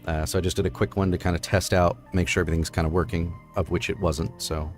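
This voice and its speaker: Deep-voiced man explaining casually. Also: steady tone, fast, hardly any pauses, soft background music. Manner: rambling with many fillers and "right?". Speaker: streamer host. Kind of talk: casual live-stream explanation.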